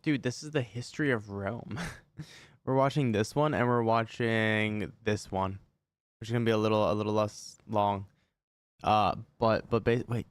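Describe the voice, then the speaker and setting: A man's voice: fairly low pitch, no echo. A man streaming live, making offhand, puzzled remarks while watching a video. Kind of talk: casual live-stream commentary.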